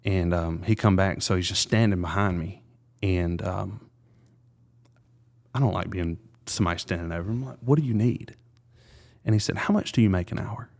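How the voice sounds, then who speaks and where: A man with a very low voice tells a personal story in an interview. He speaks earnestly and haltingly, often restarting his sentences and filling pauses. He sounds like a man in his thirties. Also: creaky. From South Carolina. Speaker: realtor, interview guest.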